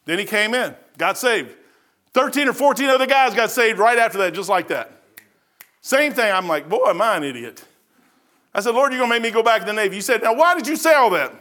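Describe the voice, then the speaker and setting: A middle-aged pastor with a high, bright, forceful voice. He preaches in a folksy storytelling way, jumping from loud outbursts to hushed asides. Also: animated, a little fast. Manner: folksy storytelling, swings between loud bursts and quiet asides. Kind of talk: sermon with personal stories.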